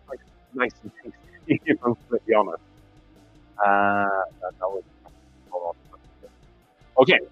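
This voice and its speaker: A man's voice: fairly low pitch, breathy edge, dry recording, muffled recording. A man with a Welsh accent hosting a casual whiskey livestream, chatty and easygoing, thanking viewers by name. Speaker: whiskey channel host. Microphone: clip-on mic on his shirt.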